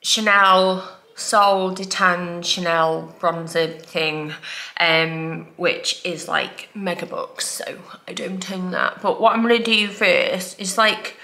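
A woman in her thirties talks through her makeup in a chatty, rambling way, laughing at herself as she goes. Her voice is bright and crisp, with a gravelly fry running through it. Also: fairly low pitch. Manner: chatty, rambling, self-deprecating. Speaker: vlogger, mum. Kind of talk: casual get-ready-with-me makeup chat. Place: home, morning.

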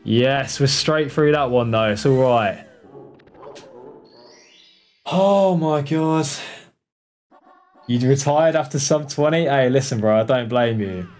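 Man, live speedrun commentary, excitable, swears, mid-pitched, faint music behind. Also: normal speed, few pauses. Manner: excitable, swears, talks to the game character and chat. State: out of breath when tense. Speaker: speedrun streamer.

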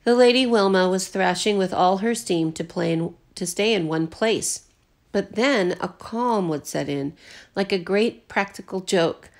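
Woman, teacher, storybook read-aloud, expressive, recorded at home. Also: medium pitch, unhurried. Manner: expressive, lightly voices the characters. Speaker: teacher reading aloud to students.

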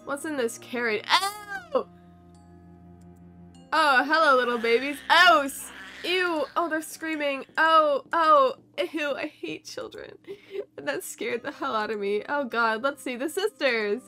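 Young woman gaming streamer, high and bright, jokey quick reactions. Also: soft background music. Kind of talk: casual game commentary.

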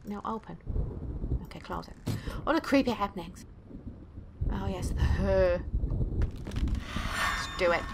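A woman's voice: medium pitch, a little slow, long pauses, heavy background noise. A woman hosting a let's play, giving casual gameplay commentary with blunt, profane jokes and frequent giggling.

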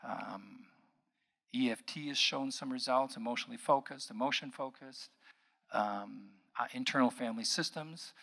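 A middle-aged man, a psychologist, giving an earnest public lecture that moves between quiet asides and emphatic passages. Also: mid-range voice, creaky. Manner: earnest, shifting from soft asides to emphatic outbursts.

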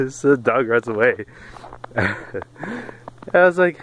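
A man's voice: medium pitch, animated, takes it slowly, long pauses, fairly bright tone, a little hiss or hum, poor audio. A man vlogging casually while walking outdoors on a path, telling rambling, jokey stories.

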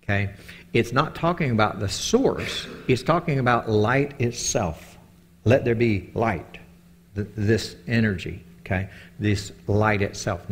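A man giving a casual Bible teaching talk, telling animated stories and often checking in with his listeners. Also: fairly low pitch, a little hiss or hum. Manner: animated storytelling, keeps asking "okay?".

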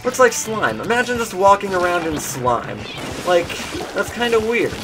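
Goofy high-voiced gameplay commentator man. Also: moderate pace, music in the background. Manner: goofy, animated, slips into silly meme voices and shouts. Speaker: gaming YouTuber.

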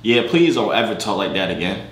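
A man's voice: lowish voice, sing-song, a little fast, echoey room, over a noisy crowd. A young man vlogging at night, joking and boasting in slang while chatting with strangers on a webcam. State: tired. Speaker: vlogger chatting with strangers on a video chat site. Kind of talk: casual vlog chat. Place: room at night.

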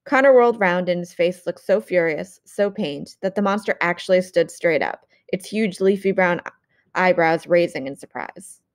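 A woman narrating an audiobook in a measured, expressive reading. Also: fairly low pitch. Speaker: audiobook reader.

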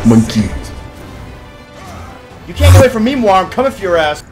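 A man trash-talks his way through a video game match in a loud, profane comic rant. His voice jumps all over its range as he swings into mock-whiny, theatrical bits. Music plays clearly behind him. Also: high voice, sing-song, fast talker, pauses often. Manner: loud, profane trash talk aimed at other players. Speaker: gamer playing and joking over his match. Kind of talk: comic gameplay commentary. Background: background music.

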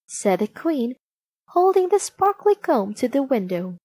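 A woman narrating a storybook aloud, slow, clear and expressive. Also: a little high, dry recording.

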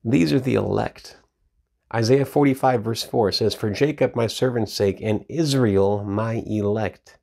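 A man's voice: fairly low pitch, a little slow, creaky, a little mellow. A man teaching from the Bible in a casual, emphatic way, often repeating words as he reads and explains verses. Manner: emphatic, repeats words while reading scripture.

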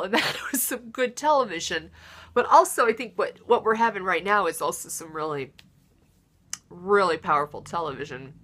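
A woman hosts her own comedy show, her voice bright and forward. She rants in a self-mocking monologue, jumping from loud theatrical outbursts to low muttered asides. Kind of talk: deadpan self-deprecating comic monologue.

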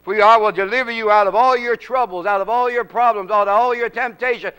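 A man's voice: high voice, steady tone, fairly quick, bright, forceful tone, smooth, rough recording. A male preacher leading a congregation in prayer in an auditorium, fervent, with rhythmic, repeated calls.

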